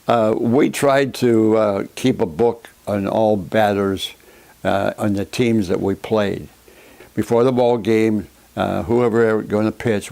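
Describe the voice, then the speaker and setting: An older man, a former catcher, recalling his playing days in an unhurried storytelling way with plenty of fillers. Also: fairly low pitch, a little mellow. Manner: gravelly, unhurried, with many uh fillers. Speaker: former baseball catcher interviewee. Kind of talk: storytelling reminiscence.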